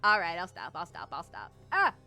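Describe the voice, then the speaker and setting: A woman's voice: fairly low pitch, very animated, a little fast, pushed and bright, soft background music. A young adult woman streaming and casually chatting as she reads chat, bubbly and giggly with playful squeals.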